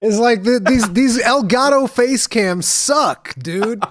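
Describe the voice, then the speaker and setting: A man co-hosting a casual gaming podcast, telling excitable stories, laughing often and acting out his friends' voices. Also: extremely high pitch, slow, no room sound, clean studio sound. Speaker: podcast co-host. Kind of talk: casual chat, animated storytelling.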